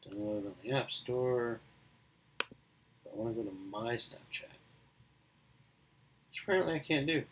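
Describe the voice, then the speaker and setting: A man's voice: mid-range voice, lively intonation, measured pace, pauses often, a little hiss or hum. A middle-aged man, chatting casually on his own and telling a story, rambling with many fillers and restarts. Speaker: vlogger. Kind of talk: casual solo chat.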